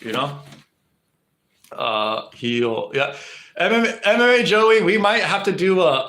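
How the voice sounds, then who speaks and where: A man's voice: fairly high pitch, a bit bright, reverberant. A young man streaming live, rambling to his chat with lots of swearing, fillers and restarts. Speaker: livestreamer.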